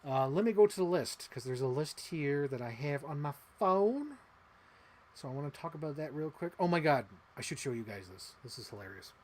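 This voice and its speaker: A man in his thirties hosting a casual livestream, rambling excitedly and swearing casually. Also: a little high, brisk, a little hiss or hum. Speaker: livestream host.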